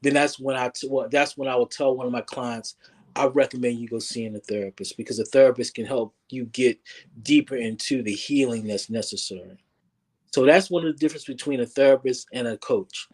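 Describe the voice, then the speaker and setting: Medium-pitched and darkish, this man's voice is brisk. A relationship coach being interviewed, he talks casually but earnestly, frequently repeating words as he gathers his thoughts.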